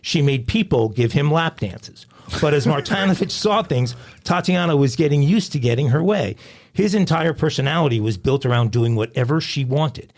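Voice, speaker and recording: A man co-hosting a crime podcast, reading out a news story in a steady storytelling way with wry asides. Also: on the high side, normal speed. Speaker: podcast co-host.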